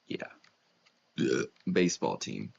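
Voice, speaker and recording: A man's voice: extremely low pitch, very animated, slow, creaky, slightly rough, lo-fi sound. A man streaming a game, chatting in a rambling, offhand way. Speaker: gaming streamer. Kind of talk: casual chat while streaming.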